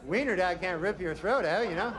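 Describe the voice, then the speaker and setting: A man doing a deadpan stand-up comedy routine on stage, rambling through drawn-out asides. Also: high-pitched, a loud crowd. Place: comedy stage before an audience. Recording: noisy live stand-up recording.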